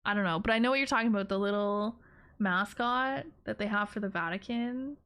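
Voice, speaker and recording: A woman's voice: medium pitch, fairly quick, a bit bright, smooth. A woman streaming live, chatting casually with her viewers in a rambling, giggly, playful way. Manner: playful teasing of her chat.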